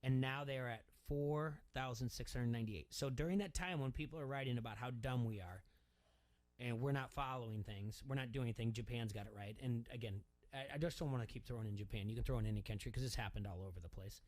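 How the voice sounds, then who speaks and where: A male radio host who talks in a rambling, emphatic way and often repeats words. His voice sits at an ordinary middle pitch. He holds the floor in a loose talk-show back-and-forth. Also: fast talker, a little mellow.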